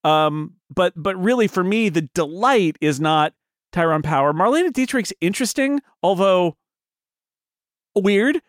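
A man co-hosting a casual film podcast, rambling and animated with many restarts and mock-indignant humor. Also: high voice, measured pace, dry recording, clean studio sound. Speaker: podcast co-host.

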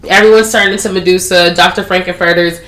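Animated profane woman recapping a movie. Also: on the low side, fast talker. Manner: animated, profane, slangy storytelling. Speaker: podcast host. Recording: roomy echo.

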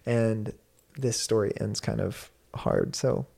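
Chatty young man, slightly low voice. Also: takes it slowly, creaky, slightly rough. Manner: animated, many fillers, laughs while telling. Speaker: university instructor and guest. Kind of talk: casual storytelling conversation.

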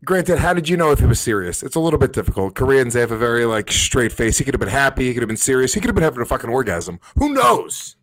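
A man's voice: medium pitch, sing-song, quick pace, hardly any pauses, fairly bright tone. A man co-hosting a podcast, blunt and teasing, who swears casually. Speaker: podcast co-host.

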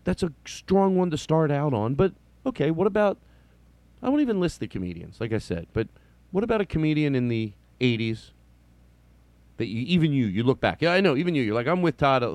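In a dry recording, a medium-pitched man hosts a comedy podcast with a loose, casual monologue. He keeps sidetracking onto tangents, restarting his sentences, and chuckling while he tells stories.

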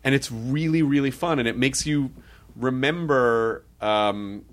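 Quick-quipping American man host. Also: medium pitch. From United States. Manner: jokey, quick quips, stammering restarts. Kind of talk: casual conversation.

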